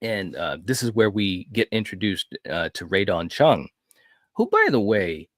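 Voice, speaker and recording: A man hosting a film review podcast, retelling a horror movie in an animated, casual way with frequent restarts. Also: fairly low pitch, measured pace, dry recording, clean studio sound. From grew up in a city. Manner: animated storyteller, frequent restarts and "you know".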